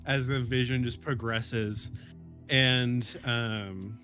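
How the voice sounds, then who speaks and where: A man's voice: medium pitch, steady tone, slow pace, bright, forceful tone, faint music behind. A man playing a tabletop game, describing his character's actions in a rambling way with many fillers. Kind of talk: casual tabletop game play.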